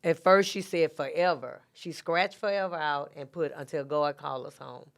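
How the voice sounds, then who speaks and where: A middle-aged woman, a podcast guest who talks softly and reflectively, with many fillers. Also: sits low, fairly even intonation, moderate pace. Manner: soft-spoken, reflective storytelling with many fillers. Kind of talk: casual interview talk.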